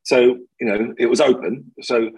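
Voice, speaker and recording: A man's voice: mid-range voice, steady tone, normal speed, darkish tone, slightly rough, rough recording. A man, a podcast guest, chatting casually and telling funny anecdotes, laughing often. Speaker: podcast guest, removals business owner. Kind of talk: casual storytelling chat.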